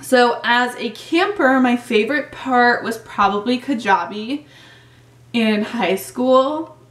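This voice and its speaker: A woman's voice: on the high side, slow pace, far from the mic. Chatty young woman, echoey room. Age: young adult. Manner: chatty, many "like" fillers, laughs often. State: slightly hoarse. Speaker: vlogger. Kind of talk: casual Q&A chat. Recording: echoey room, mic set back.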